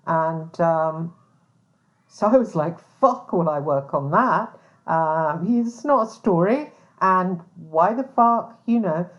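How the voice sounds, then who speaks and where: A woman hosting a podcast, talking bluntly in a casual monologue, with lots of swearing, "um"s and restarts. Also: fairly low pitch. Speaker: podcast host, private investigator. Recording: dull lo-fi sound.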